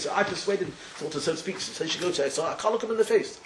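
A man a fairly high voice tells a Torah story in full of words, talking in quick bursts. He rambles, repeats himself and acts out what the characters say. The room is echoey, a faint hiss behind him. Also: animated. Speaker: rabbi giving a talk.

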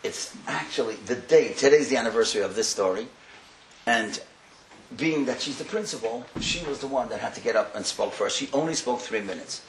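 A man giving a sermon as a storyteller, impassioned and building to loud emphatic bursts, sprinkling Hebrew and Yiddish words into his English. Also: medium pitch, expressive, fairly quick. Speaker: rabbi speaker. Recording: echoey room with faint ambient noise.

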